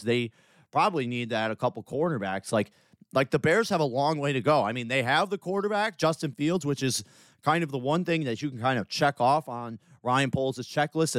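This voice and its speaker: A man's voice: medium pitch, no room sound. Profane, ranting man with dry sound. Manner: blunt, profane, heated ranting with repeated "like". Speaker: podcast host. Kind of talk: solo sports podcast rant.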